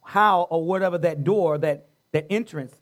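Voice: mid-range voice, normal speed. A co-leader in a Bible study who answers with frequent affirmations and adds their own thoughts. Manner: affirming interjections.

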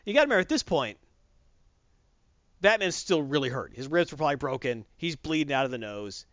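A man co-hosting a casual podcast chat, telling a comic story in an animated way and acting out the quotes. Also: fairly high pitch, a little fast, dry recording, dull audio. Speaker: podcast co-host recapping comics.

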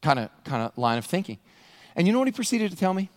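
A man's voice: sits high, big pitch swings, fast talker. A man preaching a sermon, talking conversationally and repeating words as he presses a point. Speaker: pastor. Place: church sanctuary. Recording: long hall reverb in church.

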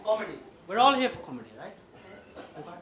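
Man performing as an awkward stand-up with a put-on Indian accent, high voice, roomy noisy live recording. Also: very animated. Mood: bumbling. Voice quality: hesitant, long awkward pauses. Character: bumbling nervous young male stand-up with put-on Indian accent. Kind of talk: stand-up comedy set. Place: comedy venue.

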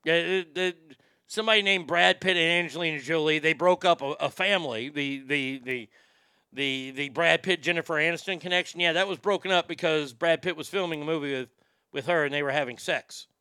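A man's voice: fairly high pitch, fairly quick, sharp tone, clear, resonant tone, no room sound. Sarcastic male podcast host. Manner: sarcastic, dismissive, stumbling restarts. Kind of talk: opinionated talk show monologue.

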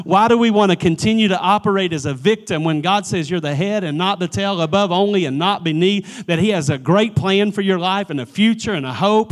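High-voiced preaching man. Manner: energetic, emphatic preaching, calling out to the congregation. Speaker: pastor. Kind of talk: sermon.

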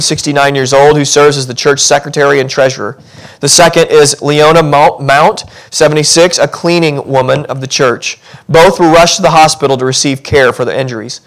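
A man delivering a sermon in a church, his voice sitting a little higher than most men's. He talks to the congregation in a loose, conversational way, then builds to animated intensity as he presses his point. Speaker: pastor. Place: church sanctuary.

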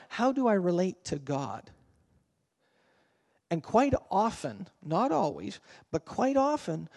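Male pastor, higher voice, conversational sermon with questions to the congregation, church hall reverb. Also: a little mellow. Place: church sanctuary.

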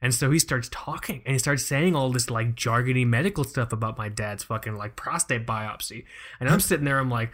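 A young man from the United States hosting a podcast, telling stories in a loose, profane, animated way with frequent laughs. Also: mid-range voice, fast. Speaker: podcast host. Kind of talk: casual chat.

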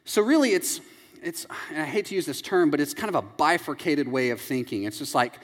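A man in his thirties preaching a sermon, animated and jokey, acting out little scenes as he tells them. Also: fairly high pitch, brisk. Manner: animated, jokey storytelling with acted-out quotes. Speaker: pastor. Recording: long reverb in a large hall.

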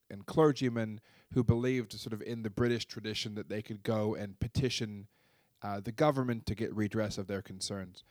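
Low-voiced man explaining history haltingly. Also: darkish tone, no room sound. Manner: halting, repeats words at starts of phrases. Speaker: guest expert on history. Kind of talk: explanatory interview answers.

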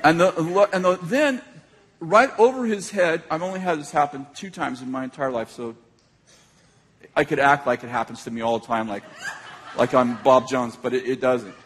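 A man preaching a sermon as an animated storyteller, laughing often as he tells a story to a hall audience. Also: mid-range voice, moderate pace, a little hiss or hum. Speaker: pastor. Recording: echoey hall.

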